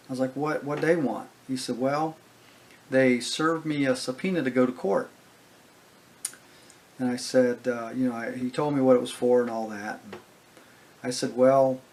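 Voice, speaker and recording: A man's voice: mid-range voice, fairly even intonation, moderate pace, pauses often. Man telling a rambling true story. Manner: conversational anecdote with fillers and quoted dialogue. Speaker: guest speaker. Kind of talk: casual storytelling.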